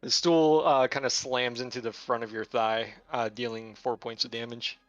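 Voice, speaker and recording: A man narrating a tabletop game as game master, with many pauses and fillers. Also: medium pitch, steady tone, no echo, dull audio, faint music behind.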